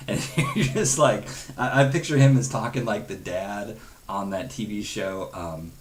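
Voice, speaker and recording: Low-voiced man teaching a Bible study. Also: measured pace, slight background noise. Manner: earnest and conversational, with chuckles and quoted asides.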